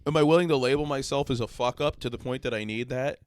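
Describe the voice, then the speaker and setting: A man's voice: mid-range voice, quick pace. A man co-hosting a comedy podcast, ranting crudely in casual chat and laughing a lot. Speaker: podcast co-host.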